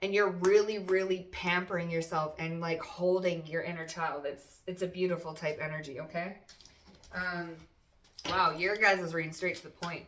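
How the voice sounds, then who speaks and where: A woman talks her viewers through a tarot spread in a loose, chatty way, often leaping up in pitch to play out what they'd say. Her voice is bright and pushed forward. She sits a little back from the mic, with a faint hiss in the background. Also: moderate pace, recorded from a distance. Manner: chatty, animated, acts out the viewer's voice in high bursts. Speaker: tarot card reader. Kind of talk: casual tarot reading to camera.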